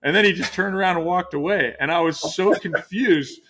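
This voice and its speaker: A man's voice: high voice, a little fast, noisy background. A middle-aged man hosting a casual interview, talking in a rambling way with many restarts. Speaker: podcast host.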